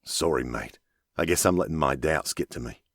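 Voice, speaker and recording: A man's voice: a bass voice, fairly quick, no room sound, clean studio sound. A man voicing a wry male pilot who mumbles jokes to hide his unease, in an audiobook. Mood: uneasy. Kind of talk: audiobook character voice.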